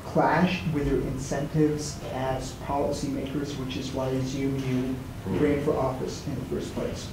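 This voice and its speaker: A man in the audience asking a panel a question in a hesitant, wry way. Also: medium pitch. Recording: distant echoey room with background noise.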